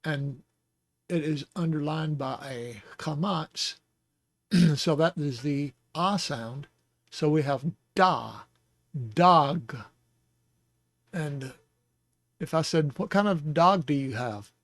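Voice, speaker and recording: A man's voice: fairly high pitch, dry recording. A man teaching the Hebrew alphabet in a patient, casual lesson, with small jokes and chuckles along the way. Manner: slow, patient, joking asides with chuckles.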